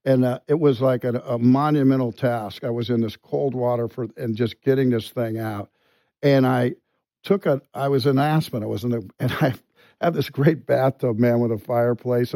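Mellow-voiced man telling a story haltingly. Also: medium pitch, no room sound. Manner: halting, full of restarts and quiet asides. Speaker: guest. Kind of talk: conversational storytelling.

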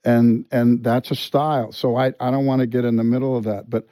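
A man speaking as an actor guest in an interview, frank and unpolished, swearing freely and restarting his sentences. His voice is warm and mellow, and the recording is dry with no room sound. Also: medium pitch, little pitch movement, fairly quick, dry recording, rough recording. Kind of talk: candid interview storytelling.

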